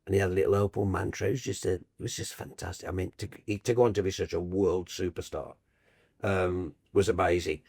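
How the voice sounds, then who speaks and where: An older man, a broadcaster guest telling stories in casual chat with animated, restarting sentences. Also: deep voice, fairly quick, gravelly, husky, dry recording, studio quality. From Birmingham, England. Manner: warm anecdotal, animated, trailing restarts.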